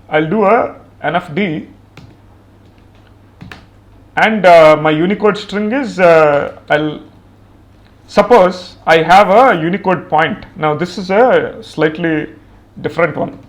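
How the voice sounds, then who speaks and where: A man with a fairly high voice walks through a coding tutorial at his own pace. He explains in a plain, conversational way, often pausing on "uh" and "um" while he types and checks the results. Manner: thinks aloud with many "uh" fillers and pauses while typing. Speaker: programming instructor. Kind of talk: screen-recorded coding tutorial.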